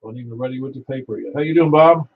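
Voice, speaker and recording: A man's voice: mid-range voice, fast, vocal fry. A man acting as net control for an amateur radio net, reading out announcements in a rambling, folksy way and repeating details to confirm them. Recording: slightly dull sound with faint hiss.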